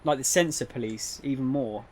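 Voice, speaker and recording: A man's voice: medium pitch, normal speed, darkish tone. A young man streaming a game, chatting casually with viewers in a rambling, hesitant way. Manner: rambling, hesitant, lots of fillers and restarts. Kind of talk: casual live-stream chat.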